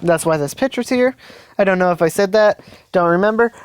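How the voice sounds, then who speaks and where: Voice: medium pitch, brisk, clear, resonant tone, dry recording, studio quality. A fan storyteller narrating a story casually, rambling and hesitant with many fillers and restarts.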